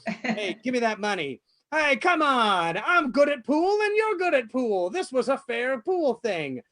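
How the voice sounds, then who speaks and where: A man's voice: very high-pitched, very animated, a little slow, pushed and bright, full character voice. A man playing a brash male pool hall regular with tough-guy swagger, in a solo improv scene. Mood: pushy.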